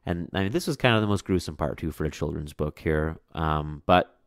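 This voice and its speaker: Low-voiced man chatting about a book. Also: moderate pace, no echo, clean studio sound. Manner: casual, chatty asides. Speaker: book reviewer and reader. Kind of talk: read-aloud with chatty commentary.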